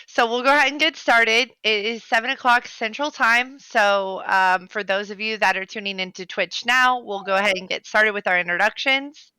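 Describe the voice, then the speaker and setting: Woman, guild leader hosting a voice-call meeting; bright, dry, chatty and upbeat. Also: medium pitch, moderate pace, hardly any pauses, clean tone, no echo, poor audio. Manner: chatty, upbeat, self-correcting. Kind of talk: casual group call.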